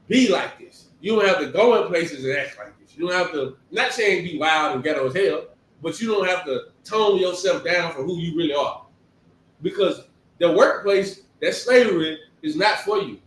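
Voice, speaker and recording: A man giving a conversational sermon, talking in an animated, emphatic way and firing off rhetorical questions. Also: fairly high pitch, normal speed. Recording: echoey room, distant mic.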